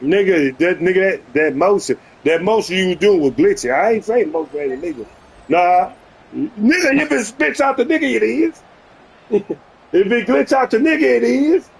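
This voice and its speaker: A man argues with an opponent over a video game, and his agitation shows as he talks over the other side again and again. His voice is husky and sits high, with a lively, swooping delivery. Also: normal speed, low-quality recording. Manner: agitated, keeps repeating "hold on". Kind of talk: heated argument over voice chat.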